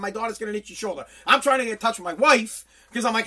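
A man's voice: sits high, lively intonation, fast talker, hardly any pauses, pushed and bright, breathy edge. A man hosting a solo podcast, ranting in an angry, profane way with lots of stumbling restarts. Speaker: podcast host.

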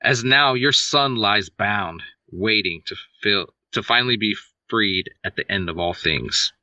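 A man reading the lines of a grave, one-handed male war god, solemn and measured. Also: on the low side, pushed and bright, no room sound, far from the mic, low-quality recording.

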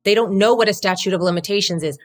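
Speaking quickly in a mid-range voice, a woman who co-founded a law firm appears as an interview guest. The conversation is casual; she's forceful and direct, sometimes swearing and often switching into mimicked voices to quote others.

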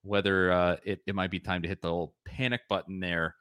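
A man hosting a casual sports podcast, excitable, given to bursts of laughing and shouting. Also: low voice, brisk, clean tone, dry recording, studio quality. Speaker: podcast host.

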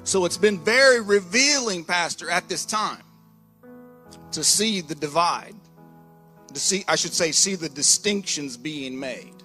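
A man's voice: sits high, a little slow, soft background music. A man preaching a fiery live sermon to a church crowd, often calling out to them. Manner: fiery, animated, keeps calling "Hello?" to the crowd. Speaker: preacher and co-host. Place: church hall in Florida.

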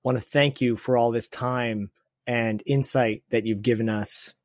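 A man's voice: mid-range voice, fairly even intonation, a little slow, no echo, clean studio sound. A man hosting a podcast, chatting casually and rambling through his thoughts. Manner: rambling, restarts often. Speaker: podcast host. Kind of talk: casual chat.

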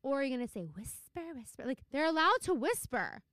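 A woman's voice: high voice, sing-song, fast talker, fairly bright tone, dry recording. A young woman co-hosting a podcast in casual chat, acting out characters' lines and laughing often. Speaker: podcast co-host.

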